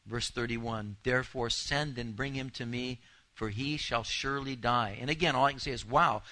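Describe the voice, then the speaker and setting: Male pastor, bright forceful voice, animated sermon delivery with restarts and repeats. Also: mid-range voice, normal speed, poor audio. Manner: animated, repeats words when thinking aloud. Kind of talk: expository sermon.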